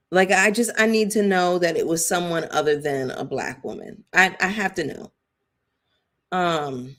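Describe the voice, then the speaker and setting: A woman with a slightly low voice hosts a casual live-stream, commenting on a reality show. She talks in a chatty, emphatic way, speaking straight to her viewers as if they were friends. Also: fairly bright tone. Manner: chatty, emphatic, addresses viewers as y'all and girl.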